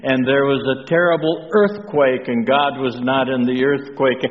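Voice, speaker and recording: A man preaching a sermon with a slow, halting delivery full of pauses, asking the congregation questions. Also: medium pitch. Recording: distant, dull echoey hall with faint noise.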